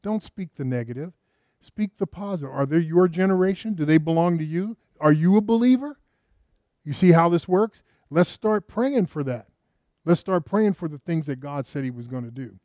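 A man's voice: on the high side, animated, moderate pace, a little mellow, dry recording, studio quality. A man preaching a sermon, retelling a story conversationally with rhetorical questions and frequent restarts. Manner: frequent restarts, rises with emphasis.

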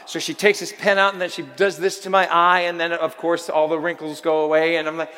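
A man's voice: fairly high pitch, a little fast, long reverb tail. A man emceeing an event, telling a funny story to the crowd and acting out the people in it. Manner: animated, acts out the people in his story.

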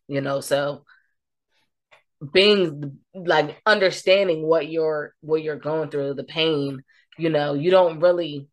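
Gentle woman podcast host. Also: low-pitched, steady tone, slow. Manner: gentle, openly emotional. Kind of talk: conversational interview.

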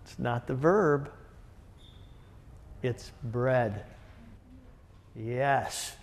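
A man's voice: mid-range voice, very slow. A man teaching a Bible study, enthusiastic and conversational, putting questions to the group. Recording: long reverb in a large room.

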